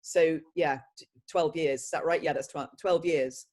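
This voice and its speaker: A woman, an actress answering interview questions with lively, laughing anecdotes. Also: low voice, normal speed. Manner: animated storyteller, breaks into laughter. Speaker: actress guest.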